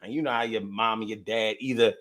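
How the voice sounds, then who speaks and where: Speaking briskly, a man fronts a casual live stream and works through viewer comments. He answers with a playful, profane energy, veering from loud blurts to low grumbles.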